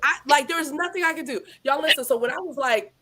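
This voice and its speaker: A woman hosting a lively live-stream author chat, bubbly and playful. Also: high voice, quick pace. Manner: lively, animated, playful Southern-style banter. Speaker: host.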